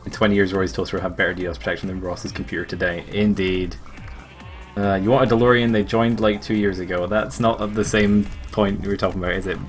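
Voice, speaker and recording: A man's voice: low-pitched, little pitch movement, fast, soft background music. A young man streaming a game, joking and laughing often with a friend. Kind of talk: casual gaming stream banter.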